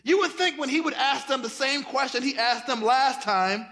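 A man's voice: very high voice, normal speed. A man preaching a sermon, casual and folksy, addressing the congregation as y'all and breaking into song. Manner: animated preaching, breaks into singing and shouting. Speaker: pastor.

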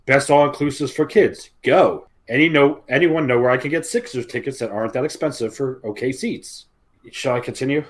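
A man's voice: mid-range voice, a little fast. A man co-hosting a podcast, chatting casually, teasing his co-host and reading out posts in a mocking tone. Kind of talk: casual chat.

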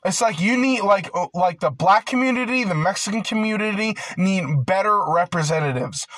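A young man in a casual ranting monologue, rambling with constant filler words and swearing, growing loud and heated at times. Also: high voice, lively intonation, normal speed, dry recording. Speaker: vlogger.

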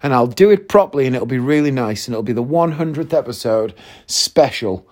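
A man hosting his own podcast in a casual solo monologue. He rambles, thinks out loud mid-sentence and swears freely. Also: medium pitch, lively intonation, fairly quick. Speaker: podcast host.

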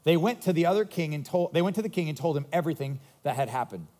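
High-voiced, conversational male pastor. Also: fast. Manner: conversational, animated storytelling with quips. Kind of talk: sermon.

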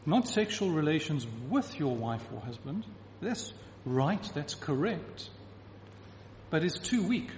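A man's voice: fairly high pitch, sing-song, takes it slowly, a little mellow, a little hiss or hum. A man preaching a sermon to a congregation, emphatic and repeating key phrases to drive his point home. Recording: reverberant hall with faint ambience.

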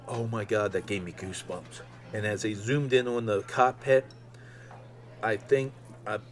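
A man around fifty hosting a solo podcast, rambling excitedly with lots of ums. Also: lowish voice. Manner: excitable, rambling fan talk with many ums. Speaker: podcast host. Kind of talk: casual solo podcast monologue.

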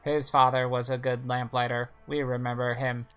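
A man voicing a maintenance robot in an even, unemotional delivery. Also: mid-range voice, moderate pace, soft background music, lightly acted. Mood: mechanical.

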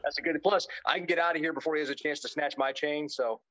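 Joking American football insider, dry sound. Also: male voice, on the high side, fairly even intonation, fast, pushed and bright, no echo, lo-fi sound. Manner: chatty, joking, many fillers and restarts. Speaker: guest, football insider and radio co-host. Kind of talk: casual interview talk.

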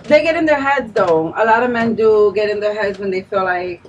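A young woman chiming in during a casual chat, jokey and quick. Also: medium pitch, muffled recording, slight background noise. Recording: distant mic.

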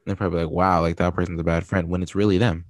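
A man's voice: deep voice, level tone, rapid-fire, no room sound, studio quality. A man co-hosting a podcast, giving frank, supportive advice in casual chat full of fillers. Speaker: podcast co-host.

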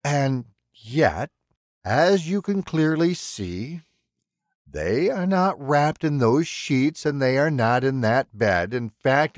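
A man voicing a calm, polite killer in an audiobook, speaking in a precise, mannered and coolly threatening way. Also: medium pitch, dry recording, studio quality, voice pushed up. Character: calm, menacing male killer, polite and unhinged.

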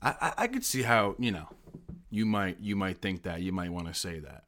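Profane, animated army veteran man. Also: low voice, moderate pace. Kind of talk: casual podcast chat.

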